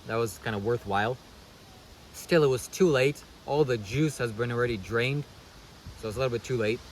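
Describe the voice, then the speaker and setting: A man's voice: medium pitch, normal speed, slight background noise, low-quality recording. A man vlogging a casual commentary monologue, sarcastic and preachy, who keeps calling the viewer "buddy" and checking "okay?".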